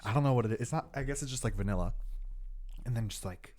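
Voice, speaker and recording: A man's voice: mid-range voice, fast talker, darkish tone. A man hosting a podcast in casual chat, rambling and leaning on filler words. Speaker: podcast host.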